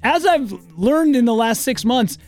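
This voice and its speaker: A man's voice: very high-pitched, expressive, measured pace, a little mellow, faint music behind. A man in his thirties co-hosting a radio show, chatting and acting out the lines of people in his stories. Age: 30s. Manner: chatty storyteller who acts out other people's lines. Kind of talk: casual radio banter.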